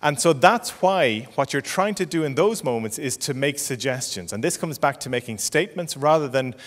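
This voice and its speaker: A middle-aged Irish psychologist giving a parenting talk, explaining patiently and checking in with frequent "okay?". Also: male voice, medium pitch, lively intonation, moderate pace, long reverb tail. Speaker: clinical psychologist.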